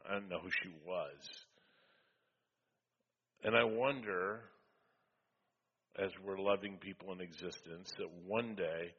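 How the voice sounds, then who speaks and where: A man with a husky voice telling a chatty, self-deprecating story in a sermon-style talk. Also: low voice. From USA. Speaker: speaker. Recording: echoey hall, dull lo-fi sound.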